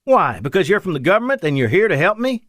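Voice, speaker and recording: A jittery young fighter pilot with an Appalachian twang, put on by a man narrating. His voice sits higher and moves quicker than the narrator's own. It is heard in a dry, close studio read. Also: very animated, fairly bright tone, dry recording, exaggerated voice. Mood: joking. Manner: jittery, fast, high-strung. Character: young nervous male fighter pilot, joking.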